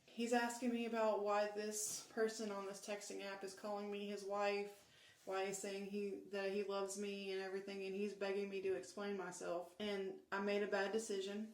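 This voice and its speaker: A woman telling her own story in a plain, steady first-person way, quoting what others said. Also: medium pitch, moderate pace, reverberant, low-quality recording. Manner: plain, steady recounting with quoted dialogue.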